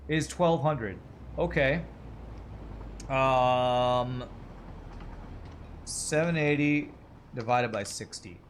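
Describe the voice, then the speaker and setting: A man with an ordinary mid-range voice talks casually through his game, often dropping into quiet mutters as he counts and works out sums. He breaks off to chat easily with viewers, with faint room noise behind him. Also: medium pitch. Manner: thinks aloud, mutters sums, chats with viewers. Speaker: game streamer. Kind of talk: casual livestream gameplay commentary.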